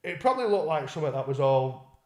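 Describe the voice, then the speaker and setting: A man with a somewhat high voice tells a rambling, sweary story on a casual podcast. He keeps acting out what people said. The room sounds echoey. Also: big pitch swings, fast, slight background noise. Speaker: podcast co-host.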